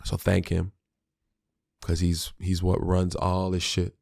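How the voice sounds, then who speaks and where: A man with a low, gravelly voice gives a solo podcast monologue. He talks in a candid, slangy and reflective way and restarts his sentences often. His tone is dark and mellow. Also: monotone, takes it slowly, no room sound, clean studio sound. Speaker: podcast host; father of a small child.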